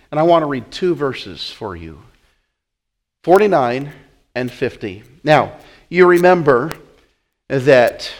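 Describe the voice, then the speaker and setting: A man preaching a sermon in an animated way, often repeating words as he acts out the scene. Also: mid-range voice.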